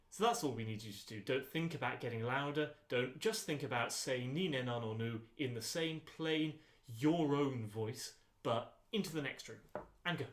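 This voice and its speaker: A man leading a choir rehearsal voice lesson, giving calm, unhurried instructions with frequent ums. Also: medium pitch. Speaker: choir voice teacher. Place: rehearsal room. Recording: echoey rehearsal room.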